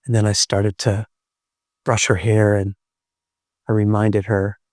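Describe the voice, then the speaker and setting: Gentle middle-aged man telling a story. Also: lowish voice, little pitch movement, no echo, studio quality. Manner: gentle, unhurried, with thoughtful pauses. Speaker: storyteller and podcast co-host. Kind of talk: reflective personal storytelling.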